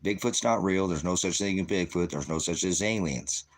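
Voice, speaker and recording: Low-voiced profane man ranting. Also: moderate pace. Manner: profane, combative, rambling. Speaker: channel host. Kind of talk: ranting monologue to viewers.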